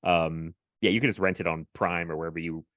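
Rambling low-voiced man, chatty podcast host. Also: fairly even intonation, fairly quick, a bit bright, no room sound, muffled recording. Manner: rambling, filler-heavy, laughs often. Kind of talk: casual chat.

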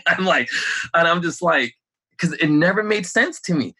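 A man in casual conversation, talking in a rambling, animated way with lots of fillers, restarts and laughs. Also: a little high, a little fast, breathy edge. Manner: laughs often while talking. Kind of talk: casual chat.

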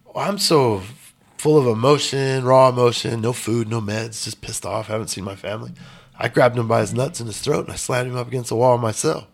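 A man's voice: medium pitch, fairly even intonation, a little fast, creaky. A man telling a personal story in a casual interview, blunt and emphatic with some swearing. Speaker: podcast guest.

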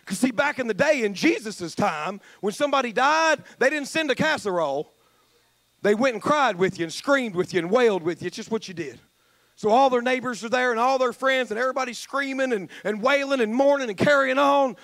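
High-voiced preacher, dry sound. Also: male voice, lively intonation, brisk, creaky, a bit bright, dry recording. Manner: repetitive, rhythmic preaching cadence; earnest, emphatic storytelling. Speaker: pastor. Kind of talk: sermon.

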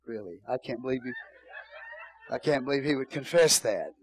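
A man's voice: mid-range voice, lively intonation, moderate pace, breathy edge, rough recording. A male pastor preaching a sermon in a church, repeating phrases and calling out hallelujah.

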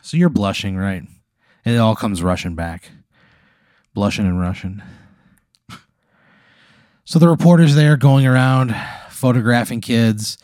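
Mellow low-voiced male storyteller. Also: dry recording, studio quality. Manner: laid-back, profane, second-person narration. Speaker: podcast host. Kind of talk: improvised storytelling.

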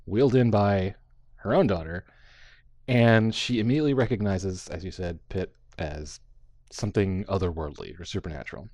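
A man hosting a podcast, chatting casually about a film, animated and quoting scenes aloud. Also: low-pitched, moderate pace, dry recording. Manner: animated, acts out quotes, frequent fillers. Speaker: podcast host.

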